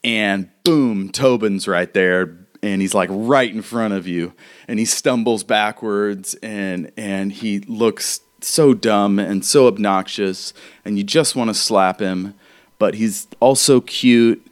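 A man's voice: fairly low pitch, slow pace. A man narrating as game master in a tabletop game, rambling with fillers and restarts.

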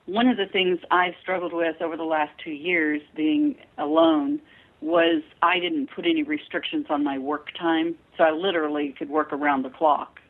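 A woman guest talks in a relaxed, chatty way, laughing easily as she tells her stories. Her voice has a gravelly edge and comes through a tinny, phone-like line. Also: sits low, normal speed. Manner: warm, chatty storyteller, laughs often. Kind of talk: casual interview chat.

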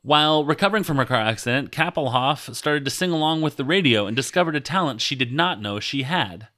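A man's voice: medium pitch, animated, fairly quick, bright, forceful tone. A man hosting a casual podcast, reading a biography aloud with joking asides. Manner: joking, chatty, playful asides.

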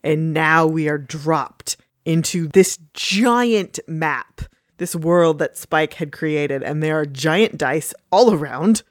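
A woman's voice: low voice, animated, takes it slowly, hardly any pauses, no room sound, clean studio sound. A woman recapping an episode in casual chat, enthusiastic and gushing. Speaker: podcast co-host.

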